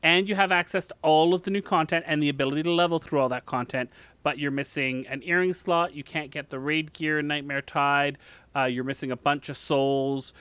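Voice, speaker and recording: A man's voice: a little high, steady tone, brisk, a bit bright, clean tone, dry recording. A man hosting a casual gaming podcast, friendly and upbeat as he explains and thanks listeners. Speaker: podcast host.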